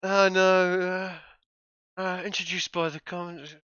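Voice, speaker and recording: A man hosting a casual podcast chat, his voice bright and cleanly crisp. He rambles and restarts his sentences often. The sound is dry and a little muffled. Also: high voice, little pitch movement, unhurried, no echo. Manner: rambling, stop-start with many restarts. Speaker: podcast host.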